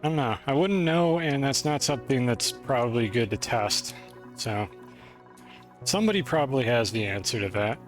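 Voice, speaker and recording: A man's voice: medium pitch, expressive, normal speed, faint music behind. A man streaming a game, chatting casually with his viewers in a rambling, self-deprecating way. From United States. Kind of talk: casual live-stream chat while playing.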